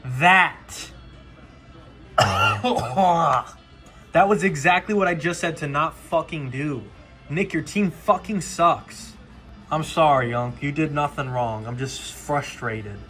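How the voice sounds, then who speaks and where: A man's voice: on the high side, takes it slowly, pushed and bright, soft background music. Young man swearing through live reactions. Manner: profane, swings from mutters to outbursts. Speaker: fantasy football player.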